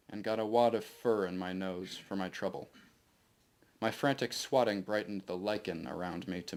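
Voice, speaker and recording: Man, author reading from his novel, low voice, steady first-person narration, live audience setting.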